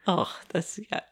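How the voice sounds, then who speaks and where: A woman co-hosting a podcast in casual chat, laughing often and agreeing quickly. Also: a bit bright. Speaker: podcast co-host.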